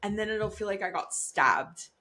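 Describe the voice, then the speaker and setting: A woman's voice: mid-range voice, expressive, moderate pace, pushed and bright. A young pregnant woman co-hosting a podcast, chatting casually with lots of "like" and frequent laughter. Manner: chatty, laughs often, many likes. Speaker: podcast co-host.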